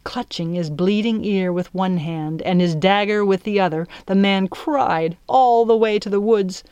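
Slow, dry-voiced woman reading a storybook. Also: medium pitch, clear, resonant tone, no echo, highs cut off. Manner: measured, expressive reading. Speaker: audiobook narrator. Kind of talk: scripted storybook narration.

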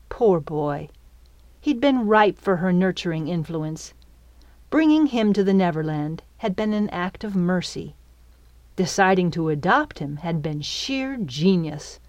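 A woman reading her own novel aloud as an audiobook, telling the story slowly and expressively. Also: medium pitch, darkish tone, dry recording. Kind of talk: audiobook narration.

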